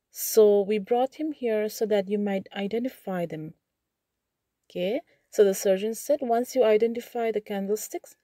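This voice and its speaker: Slow, mellow-voiced woman teaching a play. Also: medium pitch, no echo, clean studio sound. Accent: Indian English. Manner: reads lines then restates them in simple words, frequent "okay". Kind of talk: line-by-line literature lesson, reading and paraphrasing.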